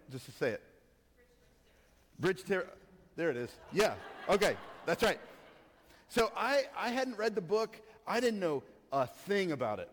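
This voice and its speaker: A man preaching a sermon as pastor, telling a story in an animated, rambling way with many fillers. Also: on the high side. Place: church hall. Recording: long reverb of a church hall.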